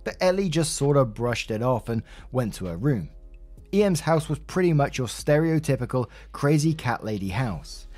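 A man's voice: medium pitch, very animated, normal speed, a little mellow, soft background music. A man in his twenties narrating a personal story in a frank, casual, conversational way.

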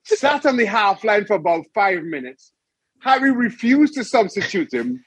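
A man's voice: high-pitched, moderate pace, breathy edge, no room sound. A middle-aged man, a former goalkeeper, chatting as a guest and telling stories with laughter. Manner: animated storyteller, laughs often. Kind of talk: casual interview chat.

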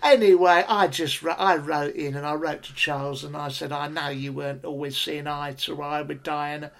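A man's voice: fairly high pitch, steady tone, normal speed, vocal fry, a bit bright. A man co-hosting a comedy podcast, telling a sweary improvised story and mimicking the people in it. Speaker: podcast co-host.

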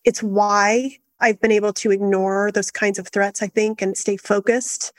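A middle-aged woman, a guest in an interview, telling her story in an earnest, steady and reflective way. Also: medium pitch, unhurried, no echo. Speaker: guest, activist founder.

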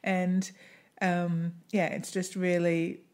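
A woman co-hosting a podcast in casual chat, giggly and quick to correct herself. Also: on the low side, little pitch movement, darkish tone. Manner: chatty, giggly, self-correcting. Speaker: podcast co-host.

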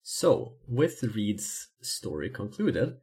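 Very deep-voiced woman game master. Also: takes it slowly. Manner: relaxed narration with fillers. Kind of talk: narrating a tabletop game.

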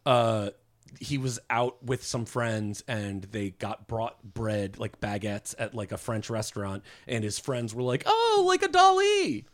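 A man's voice: on the low side, fairly even intonation, unhurried. A man presenting as a guest on a casual podcast, explaining with lots of fillers and restarts. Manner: hesitant, full of fillers.

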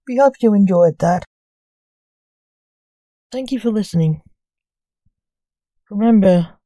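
A woman reading her own story aloud as storyteller, in a slow, even amateur reading. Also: fairly low pitch, low-quality recording.

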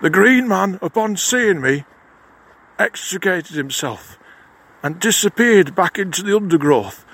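A gruff lodge head with a broad Lancashire accent, put on by a man in a comedy. He talks in a high, unhurried voice, blunt and matter-of-fact, dropping swears without a second thought. The delivery stays deadpan throughout. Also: heavily acted. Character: gruff middle-aged northern Masonic lodge head.

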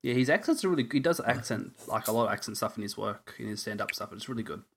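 A man's voice: mid-range voice, animated, rapid-fire. Chatty podcast co-host, man. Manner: chatty, laughs easily, jokey storyteller. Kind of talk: casual chat.

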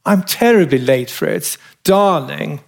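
A man's voice: fairly high pitch, expressive, slow pace, creaky, exaggerated voice. A man voicing a flighty young English actress with a gushing, cooing manner.

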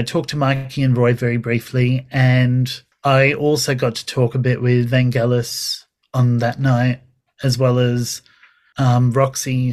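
Chatty man recounting stories. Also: mid-range voice. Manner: animated storytelling with laughs and quoted dialogue. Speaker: podcast guest. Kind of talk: casual chat.

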